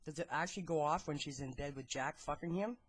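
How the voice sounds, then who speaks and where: A woman's voice: low-pitched, fast, slightly rough. A woman in a voice chat room, blunt and accusing, swearing as she questions another speaker. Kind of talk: heated voice chat.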